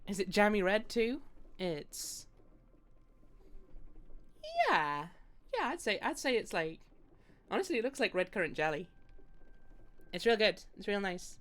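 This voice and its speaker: A young British woman streams a game and chats casually, rambling and laughing a lot. Her medium-pitched voice is very animated, at a measured pace with long pauses.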